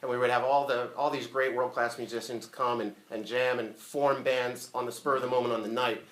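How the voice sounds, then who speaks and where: A man giving a casual, profane, animated eulogy full of stories at a memorial. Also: mid-range voice, a little fast. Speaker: eulogy speaker. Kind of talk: funeral eulogy storytelling. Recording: echoey room.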